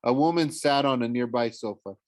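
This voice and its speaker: A man's voice: medium pitch, brisk, dry recording. Male teacher reading a novel aloud, mid voice, plain, self-corrects often. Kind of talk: audiobook chapter read-aloud.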